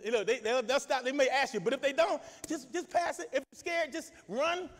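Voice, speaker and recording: A male pastor preaching an exuberant sermon, shouting and calling out to his congregation for responses. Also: extremely high pitch, moderate pace, in a large hall. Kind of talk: lively sermon with call and response.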